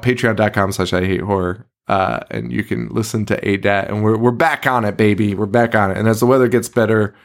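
A man co-hosting a casual movie-recap podcast, animated, laughing often, swearing freely and acting out scenes in quick put-on voices. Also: on the low side, gravelly. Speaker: podcast co-host.

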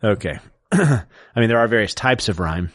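A man co-hosting a podcast, explaining poetic meter in a lecturing way and reciting lines slowly to show the stresses. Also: lowish voice, animated, no room sound, studio quality. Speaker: podcast co-host explaining poetry. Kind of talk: casual explanatory chat.

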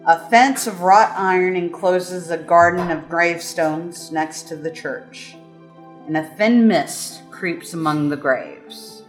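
A woman narrating a tabletop game as game master, describing scenes slowly. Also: on the low side, roomy sound, faint music behind.

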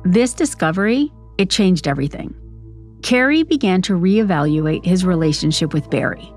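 Low-voiced woman narrating a documentary. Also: animated, a little mellow, faint music behind. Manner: measured, serious delivery. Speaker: podcast host and narrator.

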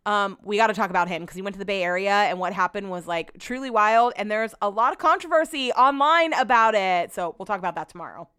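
A woman's voice: medium pitch, animated, quick pace, hardly any pauses, pushed and bright, clean tone, no room sound, clean studio sound. A young adult woman hosting her own podcast from home, ranting candidly and swearing often. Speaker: podcast host. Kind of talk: solo podcast chat.

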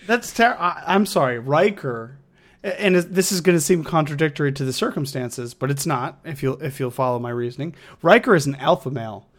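A man's voice: fairly high pitch, expressive, a little fast. Opinionated man on a chat podcast. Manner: opinionated, builds a careful argument. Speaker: podcast co-host. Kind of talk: casual chat.

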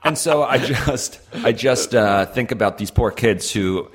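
A man's voice: medium pitch, a little slow, husky. A young adult man co-hosting a podcast, telling rambling stories in a dry, self-deprecating way. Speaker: podcast co-host. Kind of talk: casual chat.

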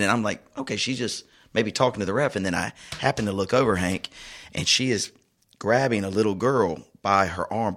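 A man and youth soccer coach chatting casually as co-host, telling a story with lively acted-out quotes. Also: lowish voice. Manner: animated storyteller, acts out quoted voices. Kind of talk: casual chat.

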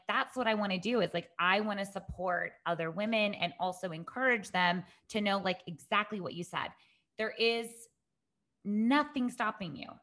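A woman's voice: medium pitch, pushed and bright. Woman host, affirming and open, emotional, conversational interview. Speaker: podcast host. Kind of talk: casual interview chat.

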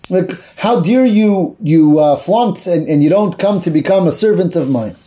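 A man's voice: high-pitched, lively intonation, moderate pace, warm tone. A man acting out an arrogant male royal envoy who mocks and threatens, in a boastful, taunting voice.

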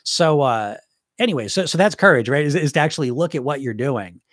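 A man's voice: fairly high pitch, animated, brisk, a bit bright, no room sound, clean studio sound. A man coaching about weight loss in a casual, rambling live-stream talk, full of restarts and asides.

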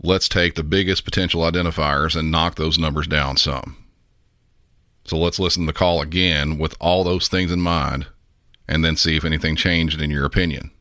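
A man from the Southern United States hosting a podcast, talking in a measured, instructive way and putting questions to the listener. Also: extremely low pitch, steady tone, bright, forceful tone, no echo, studio quality. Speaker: podcast host.

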